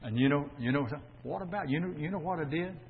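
An older man preaching a sermon on the air, swinging from fervent shouting to quiet, folksy storytelling. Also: a little high, fast talker, a little hiss or hum. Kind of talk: Pentecostal-style sermon on the air. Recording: dull lo-fi audio with long church reverb.

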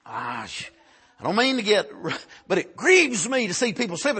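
Man, preacher, sermon, husky voice, high pitched, hushed to shouting, frequent amens. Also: wildly swooping pitch, normal speed. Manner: impassioned, swings from hushed to shouting, frequent "Amen".

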